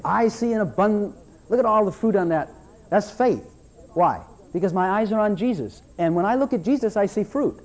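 Pastor guy preaching in church, high voice that swoops all over, acts out people's excuses. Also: a little fast. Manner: animated, repetitive preaching with mock-voiced asides. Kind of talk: sermon.

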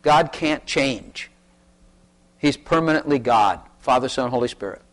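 A man preaching to his congregation at a medium pitch. He presses his points by saying them over and over, leading a service and inviting people to testify. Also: expressive, measured pace, fairly bright tone. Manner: repetitive, emphatic preaching. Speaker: pastor.

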